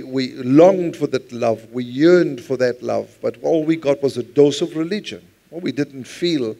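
A man's voice: medium pitch, vocal fry, mellow. A man preaching a sermon at church, speaking conversationally, often repeating words and asking the congregation to answer back. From South Africa. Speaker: pastor.

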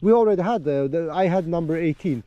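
A man's voice: on the high side, expressive, quick pace, warm tone, highs cut off. A man filming himself fishing from a small boat outdoors, talking to viewers in a hyped, playful, chatty way. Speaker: fishing vlogger. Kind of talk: excited on-the-water commentary. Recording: outdoor boat noise behind voice. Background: water and boat noise.

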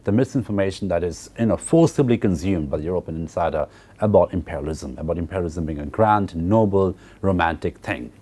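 Deep-voiced man giving a literature lecture. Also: fairly quick, mellow, breathy edge. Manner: explanatory, checks in with "okay" and "right"; hesitant fillers and repeated words. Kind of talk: recorded university lecture.

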